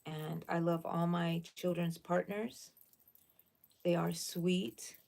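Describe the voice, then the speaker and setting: A woman's voice: on the low side, flat delivery, takes it slowly, gravelly, darkish tone. Chatty middle-aged woman hosting a livestream. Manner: chatty, reads viewer comments aloud and answers them; exclamatory, often calls viewers "people". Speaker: crochet livestream host. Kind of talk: casual live chat with viewers.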